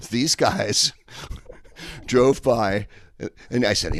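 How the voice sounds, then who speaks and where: A man's voice: mid-range voice, slow, pauses often, no room sound. A man doing a stand-up comedy set, rambling with lots of hesitant fillers.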